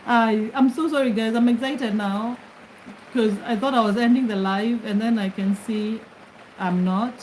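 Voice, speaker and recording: A middle-aged woman with a slightly high voice talks casually into her phone from her bed. She chats with commenters one by one and laughs easily. A faint background hiss sits under her voice. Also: steady tone, a little slow, a little mellow, low-quality recording. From Kenya. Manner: chatty, greets commenters, laughs often. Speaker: livestream host. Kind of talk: casual livestream chat. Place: bedroom, lying on her bed.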